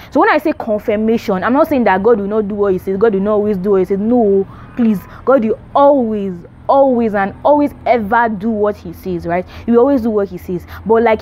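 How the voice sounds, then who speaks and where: A woman's voice: a little high, dark tone. A young adult woman gives an emphatic, repetitive faith teaching to camera, urging her listeners on. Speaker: Christian vlogger.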